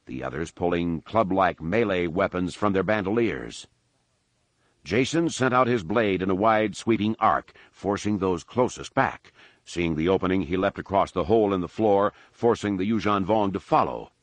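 A deep-voiced man narrating an audiobook in a measured, dramatic way. His voice sits very low, and the recording is dry and close with no room sound. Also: no room sound. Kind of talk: scripted narration.

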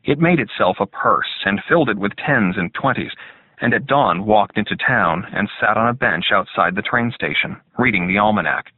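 Brief: male audiobook narrator, low and measured, thin phone-like sound. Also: animated. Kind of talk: scripted narration. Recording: tinny phone-like dry sound.

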